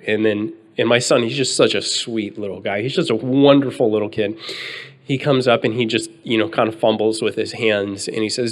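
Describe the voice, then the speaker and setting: A man's voice: fairly low pitch, fairly even intonation. Earnest man preaching a sermon. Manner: earnest, slows down for scripture reading. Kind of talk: sermon with personal story.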